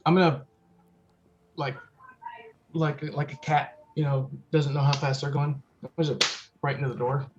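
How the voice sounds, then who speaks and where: A man playing a tabletop role-playing game, excitable and quick to swear. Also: fairly high pitch, lo-fi sound, noisy background. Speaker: player. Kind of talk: casual tabletop play.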